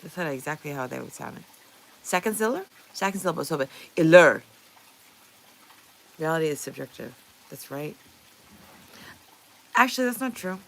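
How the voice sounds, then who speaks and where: A woman's voice: low-pitched, expressive, a little fast, vocal fry, pauses often, fairly bright tone, rough recording. A woman livestreamer chatting casually with her viewers, reading their messages aloud, playful and often laughing.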